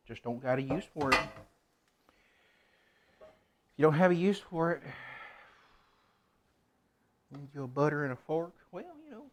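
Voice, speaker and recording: A man's voice: on the high side, unhurried, pauses often. A man streaming himself cooking in a home kitchen, chatting casually and rambling to himself as he works.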